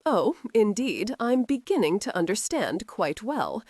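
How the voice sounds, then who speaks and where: Brief: proud angry young earl, terse lines, read by a woman, lively storybook delivery. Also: mid-range voice, unhurried, dry recording, studio quality. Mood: tense.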